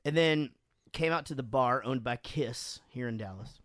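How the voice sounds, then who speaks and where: A man co-hosting a casual podcast in his home studio, joking and excitable as he banters and talks over his co-host. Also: medium pitch, normal speed, no echo. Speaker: podcast co-host and band member. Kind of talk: casual drunken podcast chat.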